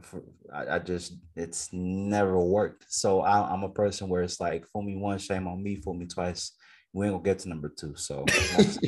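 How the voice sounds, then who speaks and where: A man's voice: sits low, unhurried. A man co-hosting a casual podcast, talking emphatically and asking lots of rhetorical questions. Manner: emphatic, animated storytelling with frequent rhetorical questions. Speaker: podcast co-host.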